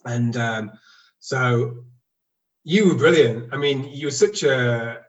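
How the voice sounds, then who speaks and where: A man's voice: mid-range voice, slow pace, distant mic, muffled recording. A man in his forties tells his own story in a casual, reflective way. He is candid and self-deprecating, and he stops and restarts as he talks. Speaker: guest telling his story.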